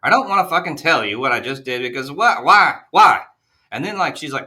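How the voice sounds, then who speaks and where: A man with a very bright, sharp-edged voice vents in a loose, profanity-heavy podcast rant. His pitch swings widely as he grumbles and jokes with his co-host. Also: animated, a little slow. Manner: exasperated ranting, heavy swearing. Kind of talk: casual profane podcast chat.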